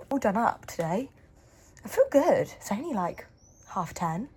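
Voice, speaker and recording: A woman's voice: mid-range voice, very animated, takes it slowly, dark tone. Chatty young woman vlogging. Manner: chatty, rambling, lots of ums and laughs. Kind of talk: casual chat. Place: home. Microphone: handheld camera.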